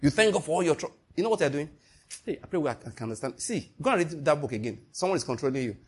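A man preaching a sermon, animated and emphatic, asking his listeners one rhetorical question after another. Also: on the high side, fast talker, husky.

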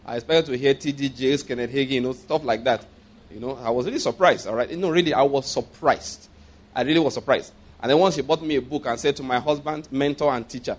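A man's voice: mid-range voice, fairly quick. A man preaching a sermon as a story, repeating himself for emphasis, checking in with his listeners and chuckling along the way. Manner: chuckles often while telling.

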